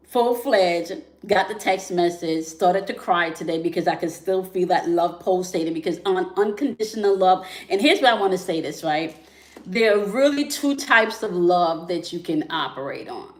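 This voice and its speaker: A woman's voice: lowish voice, measured pace, echoey room. A woman hosting a spiritual relationship talk in a casual, conversational way, often checking in with "right?" and "okay?". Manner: conversational, many fillers and "right?" tags. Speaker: spiritual relationship channel host.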